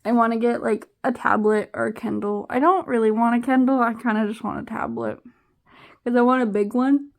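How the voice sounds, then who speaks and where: A woman's voice: fairly high pitch, fairly even intonation, fairly quick, gravelly. Tired young woman vlogging casually. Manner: rambling, trailing off with fillers. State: low and tired. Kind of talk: casual vlog chat.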